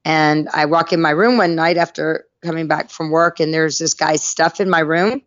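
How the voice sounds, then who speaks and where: A middle-aged woman from North Carolina, a podcast guest telling her life story in a lively way and acting out the people in it. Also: deep voice, moderate pace, no echo, lo-fi sound. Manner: lively anecdotal storyteller, acts out quoted voices. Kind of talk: storytelling interview.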